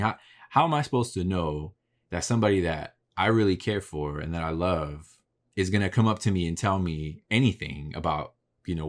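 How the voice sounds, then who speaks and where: A man hosting his own podcast, talking casually and candidly about his work, swearing freely as he reflects on himself. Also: low voice. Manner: candid, profane, self-reflective. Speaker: podcast host. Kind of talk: casual solo podcast monologue. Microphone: podcast mic facing camera.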